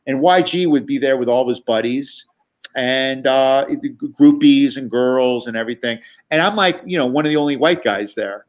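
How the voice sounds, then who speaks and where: A man's voice: mid-range voice, moderate pace. A man telling tour stories in a chatty, profane way with many restarts and fillers. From New York. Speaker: guest comedian. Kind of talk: casual storytelling.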